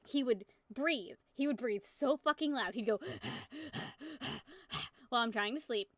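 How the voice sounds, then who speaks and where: A woman's voice: on the high side, fairly quick, fairly bright tone, dry recording. A young woman in her twenties streaming, chatting casually with viewers in a rambling, giggly way and swearing freely. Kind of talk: casual live-stream chat.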